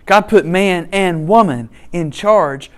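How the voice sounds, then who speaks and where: A man's voice: high-pitched, slow pace. A middle-aged man preaching a sermon, telling stories with humor and asides. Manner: animated storytelling with humor and asides. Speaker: pastor.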